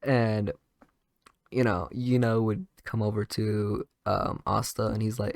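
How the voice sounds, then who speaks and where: Fan storyteller, male, gravelly lowish voice, dry close sound, loose rambling delivery. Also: fairly even intonation, slow, darkish tone, no room sound. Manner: rambling, many fillers and restarts. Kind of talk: casual improvised fan story narration.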